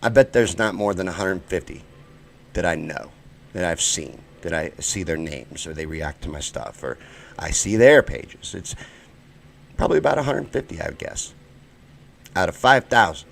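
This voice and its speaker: A man from the United States hosting a live-stream rant show, heated and profane, swinging between loud outbursts and low muttering. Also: animated, moderate pace, gravelly. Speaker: show host.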